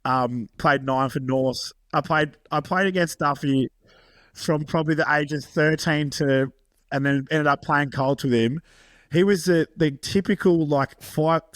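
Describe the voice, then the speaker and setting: A man's voice: medium pitch, dry recording, studio quality. A man, a podcast co-host, chatting casually and laughing through an anecdote about an old teammate. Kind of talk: casual chat.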